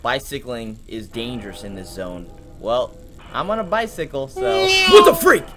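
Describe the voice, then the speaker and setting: A young man hosting a let's play, jumpy and shouting when startled, then taunting with slangy mock bravado. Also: medium pitch, big pitch swings, normal speed, faint music behind. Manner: mock-brave taunting and slangy banter with viewers. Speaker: gaming video host.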